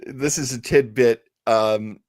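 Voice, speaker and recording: A man's voice: medium pitch, steady tone, slow pace, darkish tone, no echo, clean studio sound. A man co-hosting a casual review show, rambling and stumbling over his words with fan enthusiasm. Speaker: podcast co-host.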